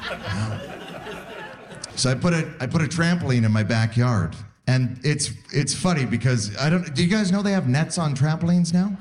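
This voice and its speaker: A man in his forties from Canada, telling stand-up stories in a laid-back way with animated voiced asides. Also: on the high side, normal speed. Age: 40s. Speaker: stand-up comedian. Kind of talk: stand-up comedy set. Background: audience laughter.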